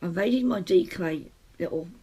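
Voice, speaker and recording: A woman's voice: lowish voice, moderate pace, mellow, husky. A woman from Britain hosting a casual knitting podcast from a small closed room at home, rambling and chatty and often breaking off mid-sentence. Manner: rambling, chatty, self-interrupting. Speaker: podcast host.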